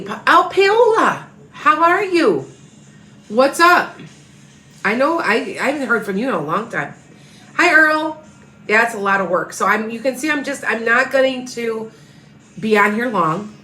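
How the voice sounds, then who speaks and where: A woman's voice: mid-range voice, pushed and bright, echoey room, slight background noise, rough recording. A tired woman reading tarot, chatting casually and rambling on a livestream as she greets viewers by name. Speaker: tarot reader.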